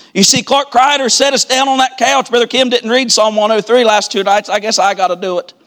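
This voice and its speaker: A preacher delivering a sermon at a church service, moving from quiet storytelling to shouted preaching with repeated refrains. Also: male voice, high-pitched. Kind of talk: revival sermon.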